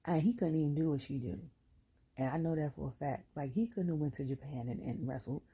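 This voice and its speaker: This wrestling show reviewer, an adult woman who has a son, delivers a casual, blunt rant full of slang, close to crying. Her husky, low voice moves at a fairly quick pace.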